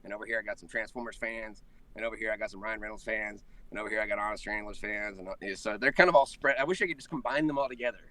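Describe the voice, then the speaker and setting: A man being interviewed about his voice acting work speaks in a brisk, bright voice. He tells anecdotes with plenty of energy and chuckles along the way. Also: fairly low pitch, far from the mic. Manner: animated, chuckles while telling anecdotes. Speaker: voice actor guest. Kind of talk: casual interview chat.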